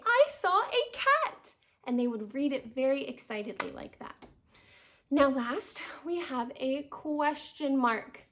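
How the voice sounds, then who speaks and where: A woman teaching kindergarten, reading a picture book aloud and explaining lessons in an animated, expressive storytime voice. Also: high-pitched, creaky.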